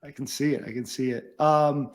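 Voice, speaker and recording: A man hosting a casual sports podcast, relaxed and steering the talk with plenty of fillers. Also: medium pitch, normal speed. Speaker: podcast host.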